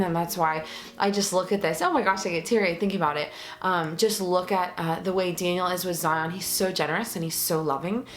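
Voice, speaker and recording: A young pregnant woman talking earnestly and emotionally to her viewers in a casual vlog, with many fillers. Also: fairly low pitch. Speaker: vlogger. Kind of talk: casual vlog talk to camera.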